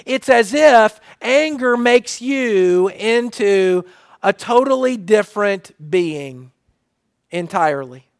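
High-voiced male pastor preaching. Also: dry recording, studio quality. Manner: repetitive preaching cadence, restarts. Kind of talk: sermon.

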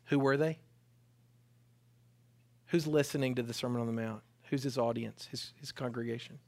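Animated preaching man with a gravelly edge. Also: moderate pace. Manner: animated, preaching with rising pitch and volume. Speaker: pastor. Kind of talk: sermon.

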